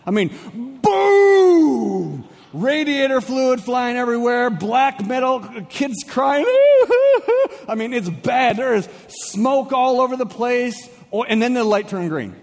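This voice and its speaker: A young man preaching a sermon as a pastor, telling a comic personal story with lively, animated delivery and shifting pace. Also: extremely high pitch, slow pace, big-room sound. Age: young adult.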